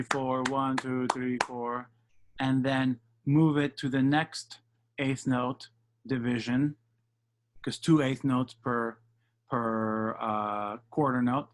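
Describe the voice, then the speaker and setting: Guy teaching jazz rhythm on a video call, slow and patient, counts beats out loud. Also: medium pitch. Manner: patient, explains step by step, counts beats aloud. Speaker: jazz piano instructor. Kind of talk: online music lesson. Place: home setup for a virtual session.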